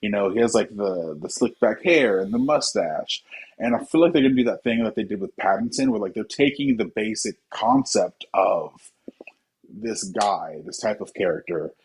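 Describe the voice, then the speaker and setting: A man's voice: fairly low pitch, a little mellow, breathy edge, low-quality recording. A man co-hosting a casual movie podcast, thinking aloud and restarting his sentences as he goes. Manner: thoughtful, halting, many restarts. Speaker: podcast co-host. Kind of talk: casual chat.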